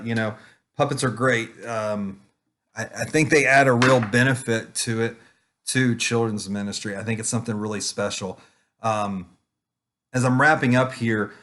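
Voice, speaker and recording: Man giving a rambling webcam talk. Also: fairly low pitch. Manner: rambling, filler-heavy, calm. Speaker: children's ministry puppeteer. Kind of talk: casual online conference talk.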